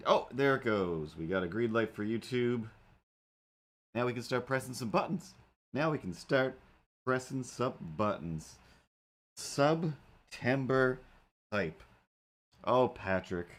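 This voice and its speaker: A man hosting a casual livestream, rambling and talking to his streaming software and his animated cat helper. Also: mid-range voice. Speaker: livestream host and cartoonist.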